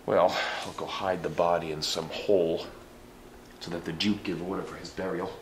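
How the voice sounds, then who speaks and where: A man's voice: sits low, little pitch movement, normal speed, slight background noise, natural voice. A man doing a sneering hired killer. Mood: mocking. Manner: curt, sardonic, mocking laughs. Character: blunt hired male assassin, cold and mocking. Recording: roomy church echo, faint ambience.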